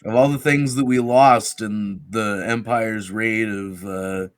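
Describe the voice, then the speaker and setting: A man's voice: fairly low pitch, steady tone, slow pace. A man playing a tabletop game who talks in a laid-back, hesitant way. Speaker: player. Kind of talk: tabletop game play, casual chat.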